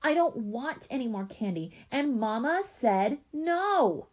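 A woman voicing a whiny, tattling little girl in a read-aloud story, high and wailing. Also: expressive, slow, a little mellow. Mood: whining.

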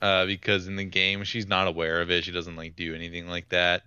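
Young man with a bright, crisp voice. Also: sits low, monotone, brisk, dry recording, dull audio. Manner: rambling, filler-heavy retelling. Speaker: podcast co-host. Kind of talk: casual chat.

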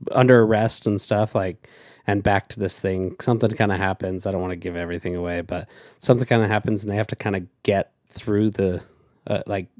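A man's voice: fairly low pitch, darkish tone, dry recording, studio quality. A man chatting as a podcast guest, telling a story in a rambling, hesitant way. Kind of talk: casual chat.

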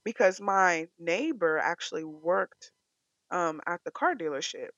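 A young woman from California sharing an emotional, animated personal faith testimony. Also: fairly low pitch, unhurried, no echo, lo-fi sound. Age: young adult. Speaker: testimony speaker.

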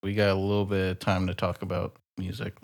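A man co-hosting a casual podcast, laughing and swearing, relaxed and rambling. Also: deep voice, fast. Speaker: podcast co-host. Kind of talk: casual comedic chat.

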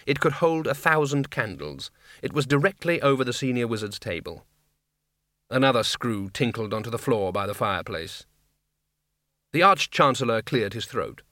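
Man narrating, dry and measured. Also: medium pitch, animated, bright, forceful tone, no echo. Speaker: audiobook narrator. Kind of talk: scripted narration.

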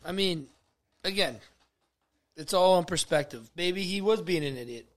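A man co-hosting a casual podcast, giving blunt, crude opinions and muttering low asides. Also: expressive, normal speed. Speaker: podcast co-host. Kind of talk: casual chat.

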